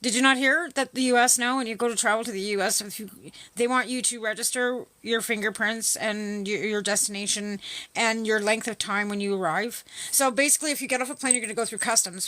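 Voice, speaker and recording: Bright-voiced, profane Canadian woman ranting. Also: a little high, no room sound. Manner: profane, animated, rambling political rant. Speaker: livestream host. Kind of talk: casual ranting chat.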